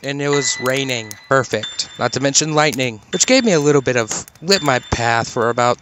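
A man's voice: mid-range voice, lively intonation, normal speed, noisy background. Swearing young man telling a story. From Kansas, United States. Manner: swears often, laughs while telling, quotes others in his own voice. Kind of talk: casual spoken campfire story.

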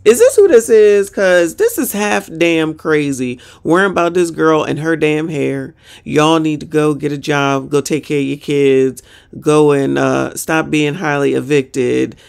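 A woman's voice: sits low, fairly even intonation, unhurried, vocal fry, clear, resonant tone. A woman hosting a reaction show, ranting in a sassy, exasperated way with mild profanity. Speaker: reaction channel host. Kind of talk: reaction commentary.

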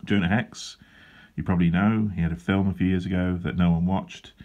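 Deep-voiced man with dry rambling humour. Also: fairly even intonation, a little fast, a little mellow, muffled recording. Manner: dry, self-deprecating humour with rambling asides. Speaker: comic artist. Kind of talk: casual drawing vlog chat. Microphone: handheld wobbling camera.

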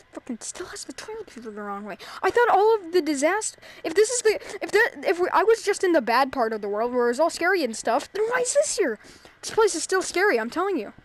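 Woman gamer, let's play commentary, jumpy, exclaiming, high voice. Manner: jumpy, exclaiming, swearing now and then.

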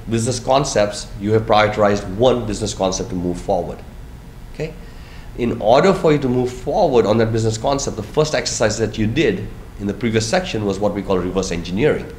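Lower-voiced man lecturing in an echoey room. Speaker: business school instructor. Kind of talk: recorded lecture. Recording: echoey room, faint noise.

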